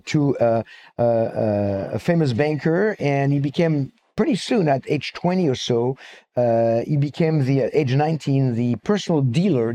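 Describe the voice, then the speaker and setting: A man's voice: medium pitch, warm tone. A man giving a live talk with slides at a fixed microphone, speaking conversationally with frequent fillers, restarts and digressions.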